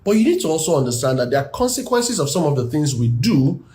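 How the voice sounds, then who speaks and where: A man's voice: on the high side, big pitch swings, fast, dark tone. Earnest man teaching like a preacher. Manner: earnest, preacher-like, reads scripture with rising emphasis. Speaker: relationship coach. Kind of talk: teaching on a live stream.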